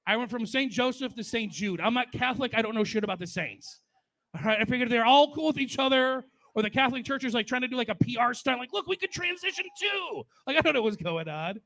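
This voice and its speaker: A man's voice: extremely high pitch, expressive, fast, a bit bright. A man in his forties doing crude, profane stand-up storytelling at a memorial. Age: 40s. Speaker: stand-up comedian.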